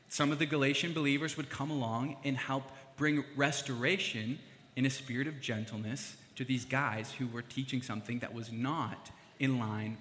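A young man preaching a casual sermon, chatty and animated, with fillers and asides. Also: mid-range voice. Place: church hall. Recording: long hall reverb.

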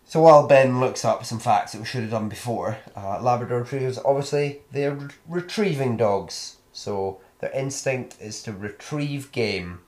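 A man's voice: medium pitch, moderate pace, hardly any pauses, darkish tone. A British man co-hosting a dog podcast, jokey and playful, rambling through his points in casual chat. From Britain. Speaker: podcast co-host. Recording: echoey room.

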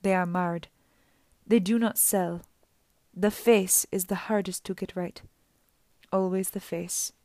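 A woman reading an audiobook voices a lonely, sweetly sinister old woman who talks slowly and soothingly. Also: mid-range voice, steady tone, dark tone, dry recording, clean studio sound. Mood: mournful. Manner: slow, soothing and sad.

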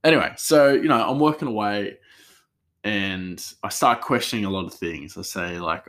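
Male podcast host, lowish voice, loose and chatty, drifts off on tangents. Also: moderate pace, fairly bright tone. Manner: rambling, chatty, restarts, laughs easily. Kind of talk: casual solo podcast chat.

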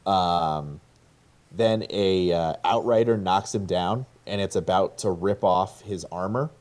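A man in his thirties, a podcast co-host, casually retelling a film scene with excitement and plenty of swearing. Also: low-pitched. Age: 30s. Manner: slow, excited, swears freely.

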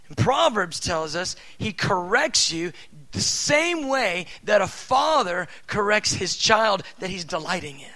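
A middle-aged man preaching a sermon in a conversational way, full of fillers, swinging between loud emphatic bursts and soft asides. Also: high voice, gravelly, rough recording. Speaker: pastor.

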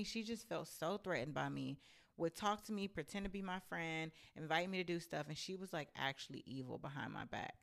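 A woman telling a story from her own life in a blunt, animated and profane casual rant. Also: low-pitched, brisk, gravelly.

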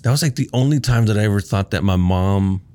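A man's voice: on the low side, quick pace, a little mellow, faint music behind. A young man casually telling a story in chat, laid-back and swearing often.

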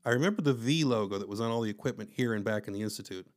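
A man's voice: on the low side, rapid-fire. A man narrating a first-person story with wry, conversational asides.

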